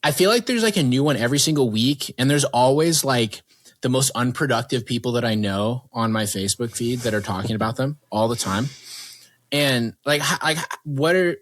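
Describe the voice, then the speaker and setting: A man's voice: mid-range voice, a little fast, fairly bright tone. A man hosting a podcast in casual chat, rambling with lots of fillers and joking asides. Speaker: podcast host.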